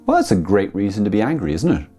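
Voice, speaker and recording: A man's voice: lowish voice, fast talker, husky, faint music behind. A man, a Catholic priest, giving a conversational spiritual talk, explaining with everyday family examples and acting out quoted voices. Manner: acts out quoted voices with lively rises.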